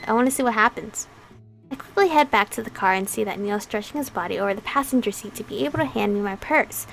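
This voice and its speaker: A woman's voice: a little high, animated, fairly quick, vocal fry, faint music behind. A woman reading a visual novel aloud as its heroine, breaking off for playful, chatty asides. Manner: playful, chatty asides between read lines. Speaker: game channel host.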